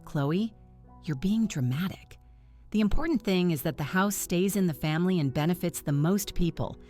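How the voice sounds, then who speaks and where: A middle-aged mother, curt and impatient as she lectures, voiced by a woman storyteller. The voice is on the low side, with faint music underneath. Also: normal speed, dark tone, close to an everyday voice. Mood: scolding. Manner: impatient, scolding.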